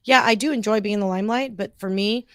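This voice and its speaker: A woman's voice: medium pitch, fast talker, no room sound, studio quality. An upbeat, chatty woman hosting a casual conversation between friends. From United States. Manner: chatty, upbeat, lots of fillers. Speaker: host. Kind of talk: casual chat.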